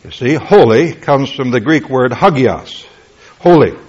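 A man's voice: mid-range voice, animated, measured pace, darkish tone, slightly rough. A man preaching a Bible teaching sermon, explaining word meanings emphatically and asking rhetorical questions. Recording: lo-fi, dull-sounding recording.

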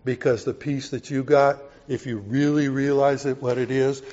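A man preaching a sermon to his congregation in a folksy way, swinging from loud emphatic points to quiet offhand asides. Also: mid-range voice, fairly even intonation, moderate pace, lo-fi sound. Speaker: pastor.

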